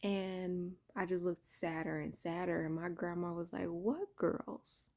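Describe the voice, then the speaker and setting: A woman casually telling a personal spiritual story indoors, keeping her voice low and soft so she doesn't wake her sleeping son. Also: flat delivery, moderate pace. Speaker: vlogger sharing a spiritual testimony. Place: indoor room at home.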